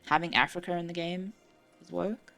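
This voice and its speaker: A woman's voice: on the low side, steady tone, normal speed, vocal fry, fairly bright tone, faint music behind. A woman streamer giving casual, chatty commentary while playing a strategy game, muttering to herself and swearing now and then.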